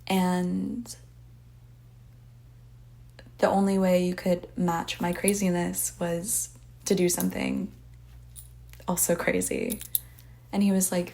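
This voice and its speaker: A woman hosts a casual podcast in an unhurried, rambling way, full of filler words and swearing. Her voice has a steady gravelly fry, and she takes her time over each thought. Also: on the low side. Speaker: podcast host.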